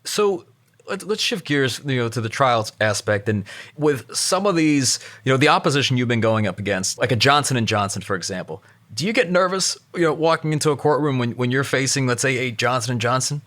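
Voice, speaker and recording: A man's voice: medium pitch, lively intonation, a little fast, a bit bright. Man asking interview questions. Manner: conversational, hesitant fillers. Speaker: podcast host.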